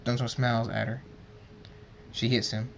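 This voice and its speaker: A man narrating an amateur story, halting and stumbling over words as he reads. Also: mid-range voice, flat delivery, gravelly, soft background music.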